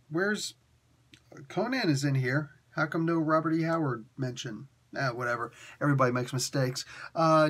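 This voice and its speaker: A man hosting a solo comic book review, talking with excitable enthusiasm, rambling with fillers and breaking into laughter. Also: medium pitch, slightly rough.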